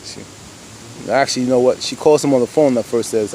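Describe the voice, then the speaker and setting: A man's voice: mid-range voice, a little fast, warm tone, a little hiss or hum, poor audio. Rambling man recapping with heavy fillers. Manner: rambling, many "you know" fillers, addresses viewers as "y'all". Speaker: TV show reviewer. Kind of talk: casual episode recap.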